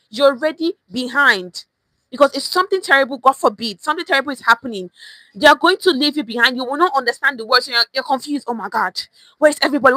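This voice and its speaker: A young Nigerian woman with a Nigerian accent leads a Pidgin English lesson on a livestream. Her voice is bright and a little high, recorded dry and close. She talks in an animated way, repeating phrases to show how tone changes their meaning. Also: dry recording, poor audio.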